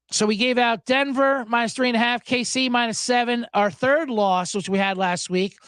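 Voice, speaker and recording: Animated rambling sports-betting host. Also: male voice, very high-pitched, no echo, studio quality. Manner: rambling, profane, sarcastic asides. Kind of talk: casual solo chat.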